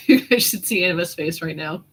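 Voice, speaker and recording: Over a rough recording, a woman's lowish, breathy-edged voice comes through animated and moderately paced. She's drawing during a casual live-stream chat, reading out viewer comments and teasing her kid.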